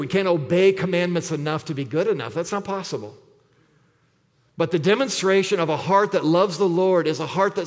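A man preaching a sermon as pastor, emphatic, repeating scripture and asking rhetorical questions. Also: a little high. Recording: long reverb of a large hall.

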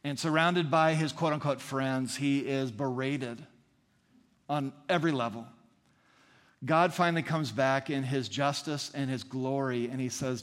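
A man's voice: medium pitch, fairly even intonation, a little slow, a bit bright. A man preaching a sermon as the pastor, earnest and fond of repeating phrases for emphasis. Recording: long reverb in a large hall.

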